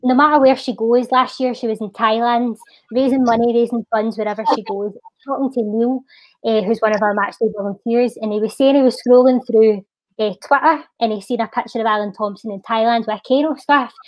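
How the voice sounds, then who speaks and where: A Scottish woman with a slightly high voice reads her spoken-word poem slowly and deliberately. The sound is dry and close, with no room around her. She drops small fillers as she chats afterwards. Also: steady tone, no echo, rough recording. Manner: slow, measured recitation with soft fillers. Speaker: charity guest and spoken-word poet.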